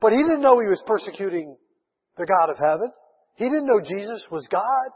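A man preaching a sermon, retelling a Bible story with lively acted-out voices. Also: sits high, moderate pace, slightly rough. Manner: animated storytelling, acts out voices of Bible figures. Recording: dull sound with long hall reverb.

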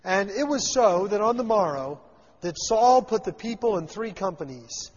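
Husky-voiced man teaching scripture. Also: high-pitched, animated, normal speed. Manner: reads verses then retells them with voiced paraphrase. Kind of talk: expository Bible teaching. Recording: dull lo-fi sound with long hall reverb.

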